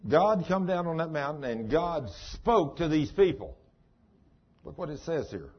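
A man's voice: a little high, sing-song, a little slow, slightly rough, muffled recording. A man preaching a sermon in a folksy, dramatic storytelling manner.

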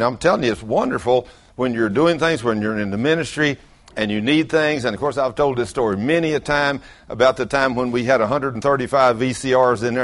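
Folksy older preacher telling a story. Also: male voice, medium pitch. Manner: animated storyteller, acts out quotes loudly.

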